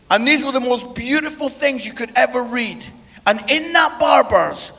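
A man's voice: extremely high pitch, unhurried, husky, in a large hall. A middle-aged Scottish man preaching with humor, telling a family story and checking in with the crowd with "yeah?". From Scotland. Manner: animated, tags lines with "yeah?".

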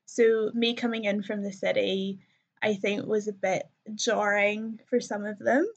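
A woman's voice: medium pitch, little pitch movement, a little slow, creaky. A young woman telling her story as a podcast guest, chatty and full of ums and likes, laughing often. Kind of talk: casual conversational storytelling. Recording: slightly muffled lo-fi sound.

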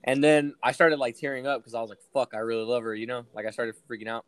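A man's voice: mid-range voice, fast, no echo. Young man, casual storytelling, rambling, profane, dry close sound. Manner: rambling, profane, many fillers. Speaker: podcast co-host telling a story. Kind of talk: casual storytelling among friends.

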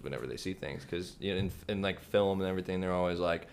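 A very low-voiced man talks as a podcast guest, explaining filmmaking in a thoughtful, meandering way. He leans on filler words as he works through his ideas. Faint background noise runs under the talk. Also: fast talker. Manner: thoughtful, explains with many likes and you knows. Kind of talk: casual interview chat.

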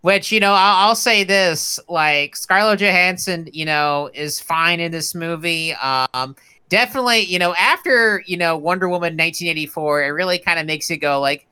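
Bright, smooth-voiced rambling man. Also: on the high side, normal speed. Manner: rambling, joking, full of fillers. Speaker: podcast co-host. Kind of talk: casual comedic movie chat.

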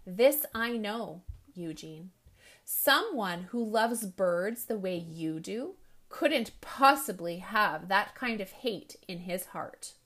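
A woman voicing a kind, calm male school principal who speaks quietly and patiently in a storybook reading. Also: medium pitch, takes it slowly. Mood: soothing.

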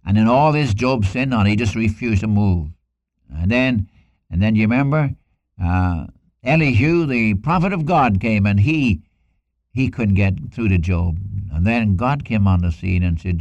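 Man, preacher, low voice, earnest sermon, dramatic scripture quotes, lo-fi dry recording. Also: animated, normal speed, darkish tone, no room sound.

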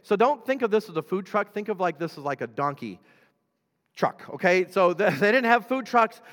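Animated preacher in a reverberant hall. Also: male voice, high voice, normal speed. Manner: animated, chuckles often, talks directly to the congregation. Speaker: pastor. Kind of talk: conversational sermon.

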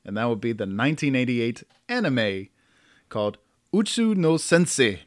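A man of middle pitch hosts a relaxed podcast conversation. He chuckles often and trips over hard names as he talks. The sound is dry and close. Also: normal speed, dry recording. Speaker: podcast host. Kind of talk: casual podcast chat.

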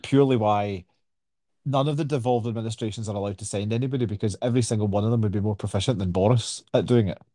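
Dry, wry Scottish man, mellow voice. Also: fairly low pitch, quick pace, no room sound. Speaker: podcast co-host. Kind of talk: casual chat.

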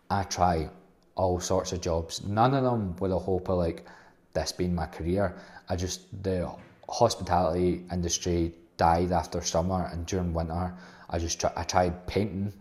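Low flat-voiced young man. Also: a little slow. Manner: blunt, sweary and rambling. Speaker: host. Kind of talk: casual storytelling monologue.

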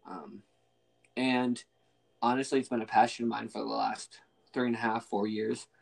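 A man's voice: mid-range voice, flat delivery, moderate pace, creaky. A young man hosting a podcast in casual chat, rambling with fillers and restarts. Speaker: podcast host.

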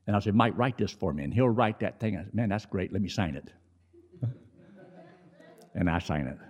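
A middle-aged man preaches a sermon in a conversational manner. His voice climbs high when he emphasizes a point and drops low in between.

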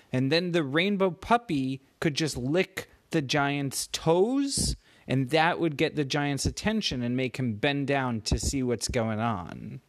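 A man improvising a bedtime story for a child, animated and stopping to ask the child questions. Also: mid-range voice. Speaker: parent telling a bedtime story.

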